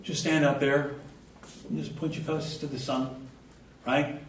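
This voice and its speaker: A man in his fifties giving a spiritual talk to a group. He slowly draws out short affirmations and tells relaxed, humorous personal stories. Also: on the high side, slight background noise. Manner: slow, drawn-out chanting of short affirmations. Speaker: spiritual speaker. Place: indoor event venue before a live group. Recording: echoey hall recorded from a distance, faint ambience.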